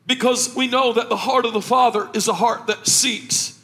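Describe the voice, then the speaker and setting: A man preaching a sermon in a high voice. He swings between quiet, tender passages and loud, shouting emotional peaks, and he sounds moved by his own words. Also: steady tone, normal speed, vocal fry, hardly any pauses. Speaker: pastor.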